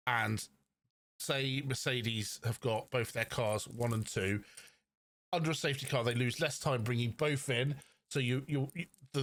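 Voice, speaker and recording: A man with a Cornish accent co-hosting a podcast, chatting through a race weekend with fillers and quick explanations. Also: mid-range voice, a bit bright, no room sound. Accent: Cornish English. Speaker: podcast co-host. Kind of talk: casual race recap chat.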